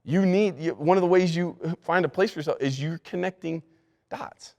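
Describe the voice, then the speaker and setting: A man's voice: on the high side, normal speed, gravelly, a little mellow. A male pastor giving a leadership lesson to church staff. He talks emphatically, repeats key words and often restarts his sentences. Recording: long hall reverb.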